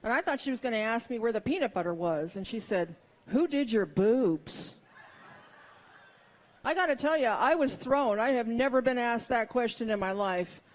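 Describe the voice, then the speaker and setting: A woman's voice: on the high side, animated, brisk, few pauses. A middle-aged woman performing a stand-up comedy set, with wry, self-mocking punchlines.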